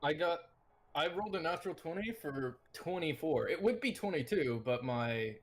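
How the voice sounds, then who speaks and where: Husky, lively joking man player. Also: on the high side, normal speed. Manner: jokey, animated, teasing. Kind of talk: casual chat at a tabletop game.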